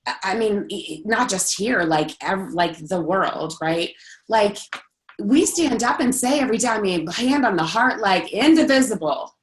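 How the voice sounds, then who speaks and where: Casting note: woman, mid-pitched voice, rambling and conversational, sharing a story with the group. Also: measured pace, reverberant, rough recording. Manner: rambling storyteller, many likes and restarts. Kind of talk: casual group discussion.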